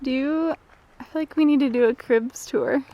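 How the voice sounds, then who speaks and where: A woman's voice: high voice, normal speed, lo-fi sound. A woman in her late twenties chatting casually for her vlog outdoors at a forest campsite, rambling and giggly as she talks. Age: late 20s. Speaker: vlogger. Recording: outdoor recording with clear background noise.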